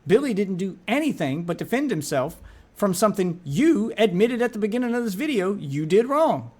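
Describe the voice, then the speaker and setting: Exasperated high-voiced man reacting on stream. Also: big pitch swings, moderate pace, darkish tone, slightly rough. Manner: exasperated, repeats words when heated. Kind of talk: casual reaction commentary.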